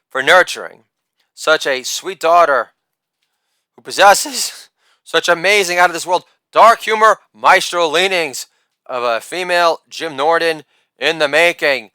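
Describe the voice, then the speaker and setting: A middle-aged man performing a boastful, theatrical stand-up comedy monologue with shouted catchphrases. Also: on the high side, unhurried, clean tone, no echo, clean studio sound.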